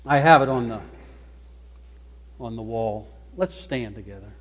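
A man preaching a sermon as pastor, slow and emphatic, stressing single words. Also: mid-range voice, long reverb tail, a little hiss or hum. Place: church sanctuary.

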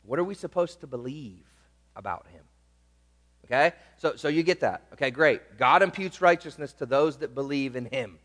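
A man's voice: medium pitch, expressive, moderate pace, fairly bright tone, long reverb tail. A man preaching a sermon, emphatic, drawing out key words and checking in with the congregation. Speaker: pastor.

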